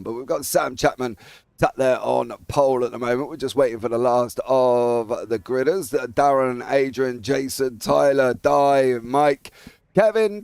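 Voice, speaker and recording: A man's voice: medium pitch, vocal fry, a little mellow, no room sound. A British man doing chatty live commentary on a sim race, reading out the grid and talking with his co-host. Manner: chatty, laughs easily, calls out names.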